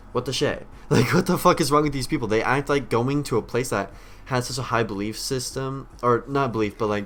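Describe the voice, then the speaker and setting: A man's voice: medium pitch, fairly bright tone. A man streamer giving a rambling, blunt commentary rant, swearing heavily as he talks. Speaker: streamer reacting to clips.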